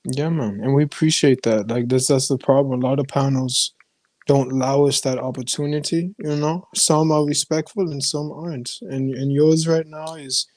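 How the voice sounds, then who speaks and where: A man's voice: mid-range voice, fairly even intonation, moderate pace, darkish tone, no room sound. A man from Jamaica talking as a guest on a casual sports chat, earnest and rambling, saying "man" a lot. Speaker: guest panelist.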